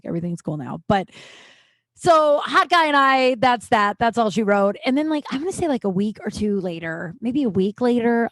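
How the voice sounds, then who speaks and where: Comic podcast host in her thirties, chatty, self-deprecating storyteller, average pitch, dry close recording. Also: darkish tone, no room sound. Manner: rambling, self-deprecating, lots of fillers and asides. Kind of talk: casual storytelling monologue.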